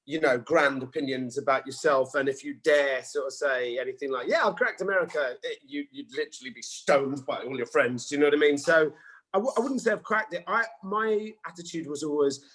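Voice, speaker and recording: Animated storytelling man in his forties. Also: on the high side, brisk, rough recording. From England. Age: 40s. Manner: animated storyteller, acts out quotes. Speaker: actor and guest. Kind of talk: casual interview chat.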